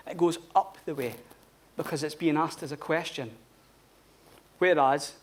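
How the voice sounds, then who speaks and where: A man's voice: on the high side, fairly quick. Blunt man giving a talk. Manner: blunt, swearing, informal. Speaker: conference speaker. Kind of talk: live conference talk. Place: conference hall.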